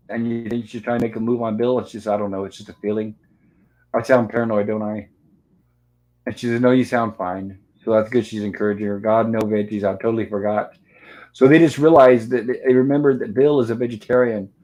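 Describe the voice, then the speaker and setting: A man's voice: mid-range voice, a little mellow, poor audio. A man hosting a casual livestream review, walking through a film scene by scene and reading out its lines. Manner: narrates scenes step by step, reading out dialogue. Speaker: host of a movie review livestream. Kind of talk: casual movie recap.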